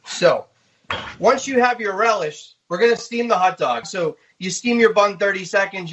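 A man, a guest chef, giving a relaxed step-by-step cooking demonstration. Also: sits high, dull audio. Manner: easygoing, step-by-step explaining.

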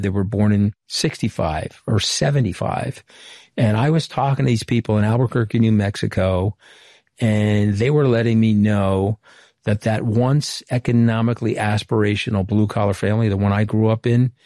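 A former White House communications director from Long Island, middle-aged, tells frank anecdotes in an interview, recreating past dialogue. His voice is lowish, creaky and dark, captured in a dry recording of studio quality.

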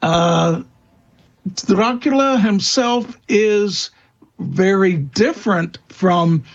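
A man speaking as a guest expert in an interview, answering in a halting way with many fillers and restarts. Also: high voice, muffled recording. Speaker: guest expert on vampire lore.

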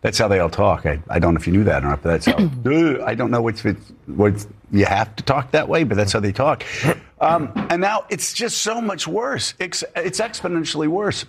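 Husky emphatic male host. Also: mid-range voice, expressive, normal speed. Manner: sarcastic, emphatic. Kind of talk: political talk show discussion.

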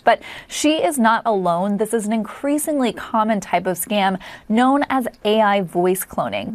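A woman reporting a news story in a clear, measured way. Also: mid-range voice, a little mellow, no echo. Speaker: tech reporter.

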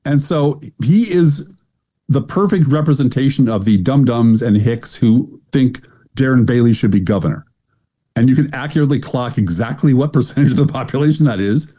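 Middle-aged male co-host, sardonic storyteller, warm low timbre. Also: normal speed. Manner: wry, sardonic storytelling, does mocking voices. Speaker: podcast co-host. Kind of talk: casual chat.

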